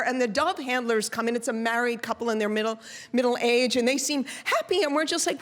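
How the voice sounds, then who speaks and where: A woman telling a personal story on stage in a lively, chatty, expressive way. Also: high voice, a little fast.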